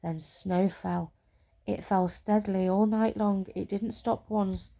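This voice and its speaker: Soft-spoken woman reading a storybook aloud. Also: medium pitch, steady tone, vocal fry. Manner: slow and soothing.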